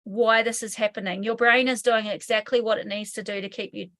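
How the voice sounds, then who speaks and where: A woman's voice: mid-range voice, fairly even intonation, fairly quick, a bit bright. A woman with a New Zealand accent, a hypnotherapy trainer explaining trauma in an interview, candid and casual, swearing freely. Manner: candid, swears casually, acts out inner voices.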